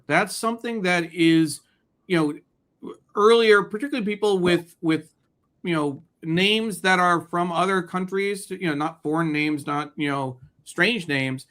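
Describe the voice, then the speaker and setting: Co-host: man, hesitant and reflective, bright, slightly high voice. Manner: thoughtful, hesitant, many fillers. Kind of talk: casual news discussion.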